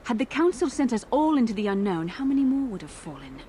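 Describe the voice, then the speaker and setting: A woman voicing a proud, stern young Jedi woman in a video game, speaking in a measured, lecturing way. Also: fairly high pitch, very animated. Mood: firm.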